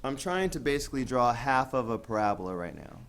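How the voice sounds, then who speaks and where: A man's voice: mid-range voice, sing-song, a little fast, a bit bright. A man teaching a math class, talking casually with lots of fillers and asking students questions. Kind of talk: classroom lecture.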